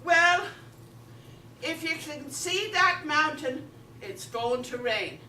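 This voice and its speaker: Wry, deadpan old Irish farmer voiced by a woman, bright and high, roomy hall, distant mic. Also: slow, a little hiss or hum, exaggerated voice. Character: dry-witted old male Irish farmer.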